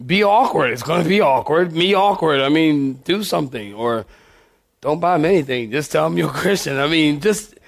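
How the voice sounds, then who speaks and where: A man preaching a sermon as pastor, animated and joking, calling out to the congregation. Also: a little high, moderate pace, gravelly.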